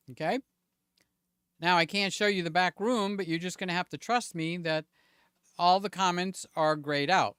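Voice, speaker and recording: A man's voice: high-pitched, bright, forceful tone, clear, resonant tone, dry recording. A man hosting a casual livestream in his home studio. He chats, thinks aloud, pokes fun at himself and keeps checking in with his viewers. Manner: self-deprecating, thinks aloud. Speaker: livestream host. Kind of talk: casual live-stream chat. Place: home studio with several cameras.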